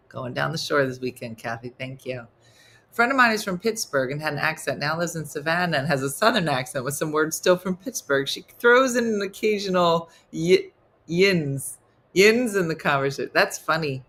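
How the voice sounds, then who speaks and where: A woman's voice: low-pitched, animated, normal speed, a bit bright. A woman with a New Jersey accent hosting a casual comedy livestream, reading viewer comments and teasing them in playful mock disgust. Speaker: comedy morning show host.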